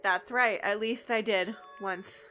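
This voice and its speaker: Woman reading as a cool, calm teen girl detective. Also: mid-range voice, soft background music. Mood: measured. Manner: cool, measured explaining. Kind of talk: reading game dialogue aloud.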